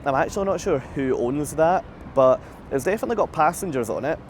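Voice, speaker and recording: A man's voice: fairly high pitch, animated, fairly quick, a little hiss or hum. A man vlogging live from the deck of a cruise ship. He answers viewer comments in a chatty, self-deprecating way, laughs often, and is slightly out of breath. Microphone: phone camera held at arm's length.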